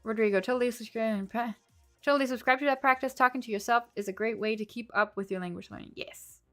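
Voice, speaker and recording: A woman who streams about language learning chats casually live, reading and responding to viewer comments, laughing often, and switching between English and German. Her voice is fairly high and fairly bright, she speaks quickly, and faint music sits behind her.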